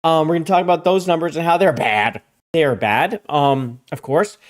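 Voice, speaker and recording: Male stream host, casual gaming chat, rambling, springs high and loud greeting viewers. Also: normal speed. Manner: rambling, repeats words. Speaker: livestream host.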